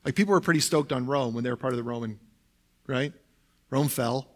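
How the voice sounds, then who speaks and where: A man's voice: medium pitch, fairly quick. A young adult man who is a pastor, preaching a sermon in a conversational way, often saying "like" and "right?".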